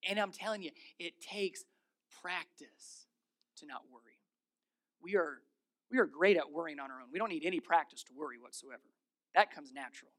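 A man's voice: high-pitched, fairly bright tone. A man in his thirties preaching a sermon as pastor in a church, telling stories with energy, repeating key phrases and putting questions to the congregation.

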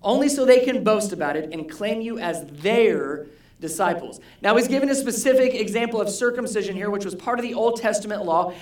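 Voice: mid-range voice, animated, brisk, darkish tone. Roomy-sounding pastor quizzing the congregation. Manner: asks the congregation questions, repeats key words. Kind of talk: conversational sermon. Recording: roomy hall echo.

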